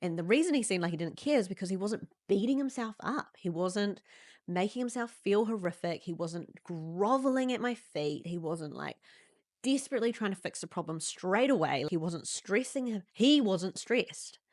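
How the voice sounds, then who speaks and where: A young New Zealand woman hosting a podcast, telling a personal story candidly and acting out quoted lines in sudden high voices. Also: expressive, moderate pace, dry recording, clean studio sound. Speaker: podcast host.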